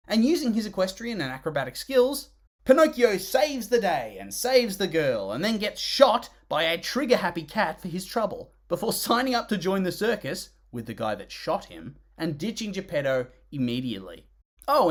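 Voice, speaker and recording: Film reviewer, comedic scripted narration, sarcastic, exasperated, very lively pitch swings. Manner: groans and sighs in disgust.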